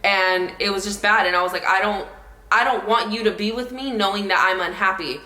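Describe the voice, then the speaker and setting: A young woman in a vlog, talking emotionally in quick run-on sentences full of fillers. Her voice is bright and forward at a medium pitch. An echoey room rings around her. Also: steady tone. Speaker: vlogger, partner in a couple channel. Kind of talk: emotional relationship talk to camera.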